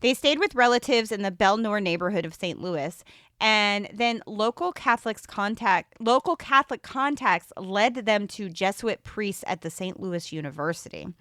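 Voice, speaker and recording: A woman's voice: mid-range voice, normal speed, no room sound. Chatty woman podcast host, dry mic. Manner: laughs often, animated when joking, slips into a rural accent. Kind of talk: casual chat, reading case notes.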